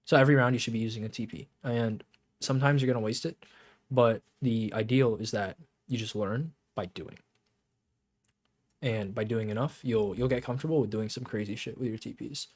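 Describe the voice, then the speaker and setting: A man coaching players on a shooter game, talking casually to camera with lots of fillers and restarts, then turning lively and emphatic. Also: mid-range voice, brisk. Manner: rambling with many fillers, grows lively and emphatic.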